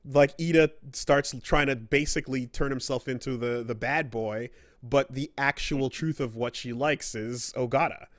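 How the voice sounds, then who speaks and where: A man's voice: mid-range voice, normal speed, few pauses, no echo, studio quality. Profane rambling male podcast host. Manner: rambling, profane, acts out quoted characters. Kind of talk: casual gaming podcast chat.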